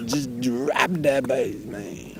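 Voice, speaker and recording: A man voicing a brash, hyped-up male Tyrannosaurus DJ with a put-on New York accent, half-shouting and rhyming. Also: mid-range voice, wildly swooping pitch, very slow, vocal fry, heavy background noise, voice pushed up, full character voice. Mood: swaggering. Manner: shouting, swaggering, sing-song rhymes.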